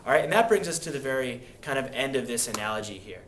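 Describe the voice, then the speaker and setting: A young man teaching history in a casual, animated way, acting out quoted people with sudden voice changes. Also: mid-range voice, fast talker, a little hiss or hum. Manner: animated, acts out quoted speakers. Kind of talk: classroom history lecture.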